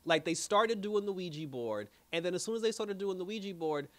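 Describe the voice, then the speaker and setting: A man talks through a TV episode in a relaxed, chatty way, laughing often and breaking into quick impressions of the characters. His voice sits a little high and jumps around a lot, loud one moment and low the next. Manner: animated, laughs often, mimics characters' lines. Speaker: TV episode reviewer. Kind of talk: casual episode recap.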